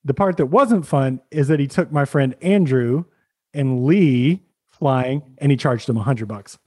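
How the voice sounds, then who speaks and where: A man, a podcast host, telling a lively anecdote in casual chat. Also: medium pitch, a little slow, husky. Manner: animated anecdote telling with laughs.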